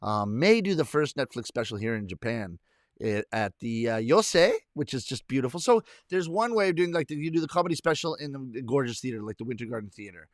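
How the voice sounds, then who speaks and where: A man's voice: medium pitch, animated, brisk, dry recording, studio quality. A middle-aged man from Canada, a comedian chatting casually with viewers on a live stream, rambling and correcting himself as he goes. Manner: rambling, self-correcting, chuckling. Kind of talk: casual chat reading viewer comments.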